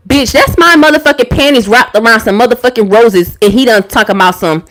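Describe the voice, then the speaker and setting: A woman YouTuber rants through a storytime for her live viewers in a fairly high voice. She is animated and profane, and answers her chat as she talks. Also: brisk, hardly any pauses. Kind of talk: casual storytime rant to viewers.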